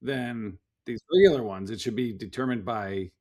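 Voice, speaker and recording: A man co-hosting a podcast, telling stories in an animated, easily amused casual chat. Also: medium pitch, moderate pace, crowd noise. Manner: animated storyteller, laughs easily. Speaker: podcast co-host.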